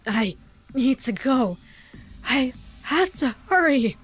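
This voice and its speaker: A woman voicing an eerie, listless teenage girl who talks slowly in a lifeless, drawn-out sing-song. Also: sits high, sing-song, faint music behind, heavily acted.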